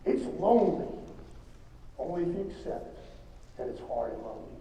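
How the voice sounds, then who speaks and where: A man giving an emphatic, rambling motivational speech to an audience, with halting restarts. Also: fairly high pitch, sing-song, mellow. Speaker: motivational speaker at a business event. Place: large hall. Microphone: distant from the microphone. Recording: echoey hall from far off, faint noise.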